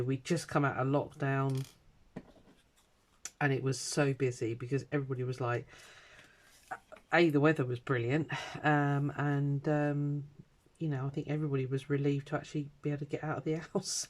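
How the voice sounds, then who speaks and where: A woman's voice: low voice, little pitch movement, moderate pace, a little mellow. A middle-aged British woman vlogging at her home craft desk, chatting in a rambling way with lots of ums and uhs. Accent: British English. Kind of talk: casual chat.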